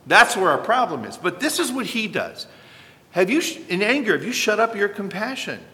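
A male pastor preaches with an earnest, emphatic delivery that swells into sudden loud peaks. His voice sits a touch high and rings bright and forceful. The sound carries a long hall reverb from the church sanctuary around him. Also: big pitch swings, normal speed. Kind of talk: sermon.

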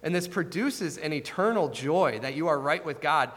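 A man's voice: a little high, animated, normal speed, a bit bright. A man preaching a sermon with rising emphasis and many rhetorical questions. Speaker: pastor. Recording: long hall reverb.

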